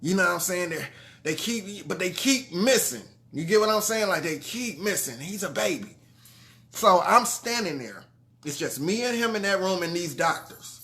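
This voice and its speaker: Speaking at normal speed in a high, expressive voice, a man who has grown sons shares a heartfelt story with listeners. He keeps it earnest and conversational, checking in with "you know what I'm saying," restarting trailing phrases and letting his level drop softly.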